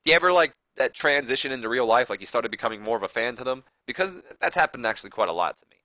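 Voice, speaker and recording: A man's voice: medium pitch, expressive, rapid-fire, pushed and bright, dry recording, low-quality recording. A man casually commentating a wrestling management game, rambling and correcting himself as he goes. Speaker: gaming YouTuber.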